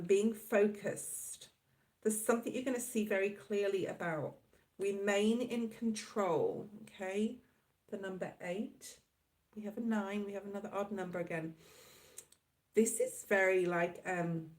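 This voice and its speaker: A woman's voice: medium pitch, a little mellow, low-quality recording. A woman giving a casual tarot reading to camera, rambling and reassuring, checking in often with the viewer. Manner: rambling, reassuring, filler-heavy with frequent "okay?". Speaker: tarot reader.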